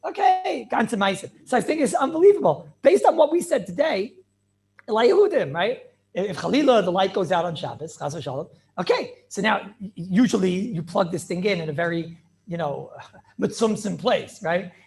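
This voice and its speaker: Rabbi teaching over a video call, high voice that jumps all over, keeps asking "what?". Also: male voice, normal speed, creaky. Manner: animated, questioning, Yiddish and Hebrew terms in English. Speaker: rabbi teaching a Torah class. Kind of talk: lively online Torah class.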